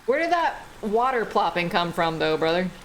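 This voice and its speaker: A woman's voice: lowish voice, very animated, moderate pace, slight background noise. Chatty, jokey woman streamer. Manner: chatty, jokey, swears freely. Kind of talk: casual gaming commentary.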